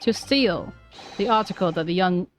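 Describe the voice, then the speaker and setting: A woman's voice: fairly low pitch, normal speed, soft background music, lightly acted. A woman doing a theatrical male detective. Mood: accusing. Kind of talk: reading game dialogue aloud.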